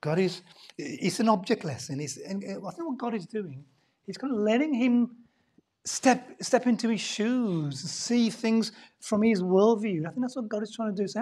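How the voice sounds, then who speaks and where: Animated, dramatic woman preacher. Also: medium pitch, moderate pace, slightly rough. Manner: animated, dramatic, swings from loud to hushed. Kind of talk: sermon.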